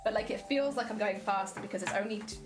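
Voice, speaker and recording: A woman chatting casually on a live stream as she sews, thinking out loud and answering chat. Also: mid-range voice, fast talker. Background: music and sewing machine.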